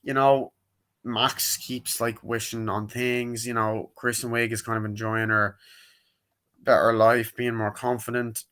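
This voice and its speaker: A man's voice: medium pitch, flat delivery, unhurried, fairly bright tone. A man giving a casual, rambling movie review, full of fillers, jokes and swearing. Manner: rambling, profane and jokey, many fillers.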